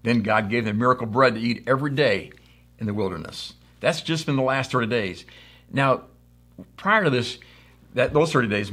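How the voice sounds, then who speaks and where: With a husky, mid-range voice and a fairly bright tone, this middle-aged American man preaches a conversational sermon. As a pastor, he tells stories and plays out the quotes in them.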